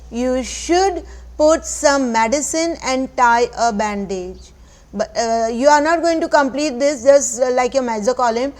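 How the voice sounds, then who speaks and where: A woman with an Indian accent and a high, light voice, teaching a recorded lesson to young pupils. She explains patiently, circles back over her points and mixes in Hindi now and then. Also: a little mellow. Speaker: school teacher. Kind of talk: recorded online class lesson.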